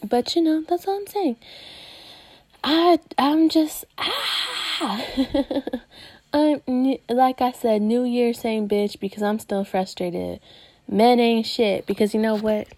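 A young adult woman podcaster with a voice on the high side rants slowly and casually about dating, swearing a lot and jumping animatedly between tones. The recording is dry.

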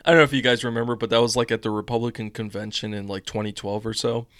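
A man's voice: fairly low pitch, fairly even intonation, fast, a bit bright, no room sound, clean studio sound. A young man from the United States hosting a casual political live stream, reading news aloud with rambling chatty asides.

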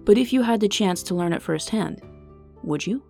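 Smooth-voiced elf king, read by a woman. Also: mid-range voice, lively intonation, normal speed, warm tone, faint music behind. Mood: composed. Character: suave elvish king, calm and smooth-spoken. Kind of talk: audiobook character reading.

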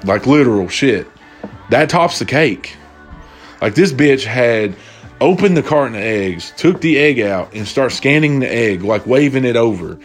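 A young man delivers a casual storytelling rant, swearing and exasperated as he animatedly recounts events. His medium-pitched voice runs a little slow, accompanied by soft background music.

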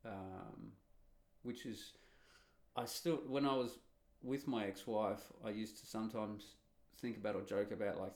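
A man's voice: lowish voice, fairly even intonation, measured pace, gravelly, a little mellow. An Australian man with an Australian accent, giving a blunt, rambling solo monologue full of fillers and restarts. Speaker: vlogger.

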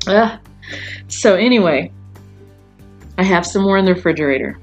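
A woman's voice: lowish voice, expressive, moderate pace, long pauses, faint music behind. A woman hosting her own podcast, chatting casually and rambling, with frequent fillers and laughs. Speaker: podcast host. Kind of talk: casual solo podcast chat.

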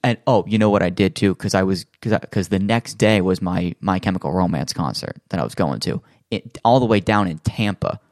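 A man's voice: low voice, fairly quick, few pauses, darkish tone, dry recording, studio quality. A man in casual chat, telling a long story with lots of fillers and acting out other people's lines.

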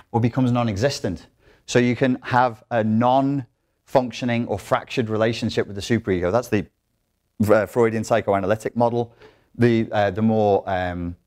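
A man's voice: on the low side, darkish tone. A man giving a live workshop talk to an audience in a blunt, profane, joking way, with restarts. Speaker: workshop speaker.

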